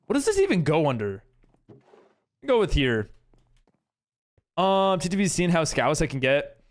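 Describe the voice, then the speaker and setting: Male streamer, high-pitched, animated and rambling, casual chat with viewers. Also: measured pace. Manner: animated, rambling, reads chat aloud with many fillers.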